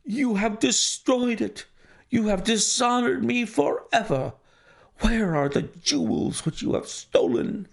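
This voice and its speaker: A man reading an audiobook, voicing an outraged older banker who shouts accusations at his son. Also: fairly high pitch, very animated, measured pace, creaky, exaggerated voice. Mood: furious. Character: enraged older male banker, outraged father.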